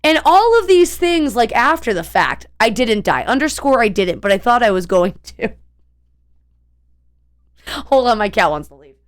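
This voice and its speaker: Chatty woman streamer, smooth voice. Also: a little high, normal speed, pauses often. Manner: animated, rambling, many fillers and restarts. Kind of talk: casual storytelling.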